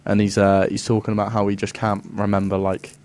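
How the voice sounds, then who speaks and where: A man co-hosting a podcast in casual chat, relaxed and agreeable. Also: fairly low pitch, fairly quick. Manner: relaxed, agreeable, lots of mm and yeah. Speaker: podcast co-host.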